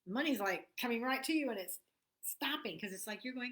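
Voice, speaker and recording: Woman, middle-aged, tapping coach, bright clear tone, gentle affirmations, occasional whispers. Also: on the high side, expressive, a little fast. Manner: soft, repetitive affirmations, drops to a whisper at times. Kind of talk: guided tapping lesson.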